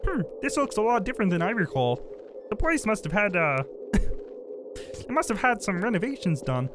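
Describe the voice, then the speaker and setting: A man's voice: sits high, big pitch swings, normal speed, background noise. A man doing a nasal, tight-throated Kermit the Frog impression while playing a game, with game music behind. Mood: puzzled. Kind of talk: gameplay commentary in character.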